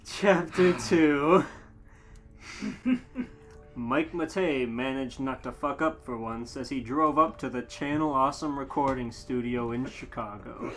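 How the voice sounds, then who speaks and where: A man reading comic fan fiction aloud on a podcast, halting and stumbling over the words. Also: medium pitch, music in the background.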